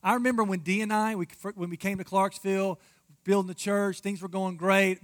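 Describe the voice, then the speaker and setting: A man's voice: high-pitched, moderate pace, a bit bright. A man preaching a marriage sermon as pastor, emphatic and addressing the congregation directly.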